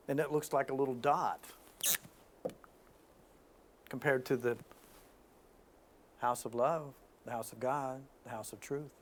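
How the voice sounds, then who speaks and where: A man hosting an informal spiritual talk, telling stories in an animated way with frequent restarts. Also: medium pitch, measured pace, long pauses, slight background noise.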